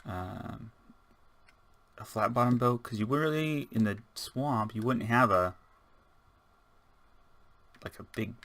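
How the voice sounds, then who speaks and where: Chatty man with a bright, sharp voice. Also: on the low side, takes it slowly, vocal fry, long pauses. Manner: rambling, chatty, talks to himself while building. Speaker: gaming channel host. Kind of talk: casual let's-play commentary.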